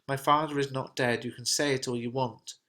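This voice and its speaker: A man voicing a cheeky, quick-witted young boy as he reads a play translation aloud, raising his pitch into a childlike register. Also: steady tone, pushed and bright, natural voice.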